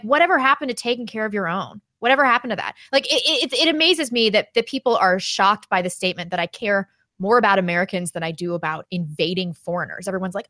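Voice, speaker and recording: A woman's voice: medium pitch, sharp tone, no room sound, studio quality. A young woman co-hosting a call-in podcast, blunt, sarcastic and exasperated. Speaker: podcast co-host. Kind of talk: casual call-in chat.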